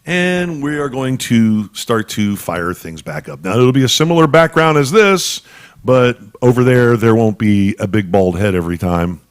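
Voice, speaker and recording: A man's voice: mid-range voice, expressive, normal speed, smooth. A man hosting a podcast from a studio, rambling and joking with many restarts. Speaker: podcast host. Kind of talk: casual chat. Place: home studio. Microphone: studio mic on camera.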